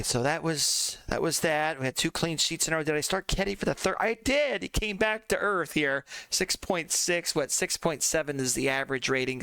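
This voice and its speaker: Gravelly man chatting over a game. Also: a little high, sharp tone, no echo. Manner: rambling, chatty, addresses viewers as folks. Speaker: let's play host. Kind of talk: casual gaming commentary.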